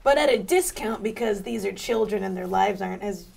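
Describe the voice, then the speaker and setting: A woman's voice: mid-range voice, brisk, creaky, darkish tone, slight background noise. A woman playing a tabletop game, rambling and trailing off as she talks in character. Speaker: player. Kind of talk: tabletop role-play banter.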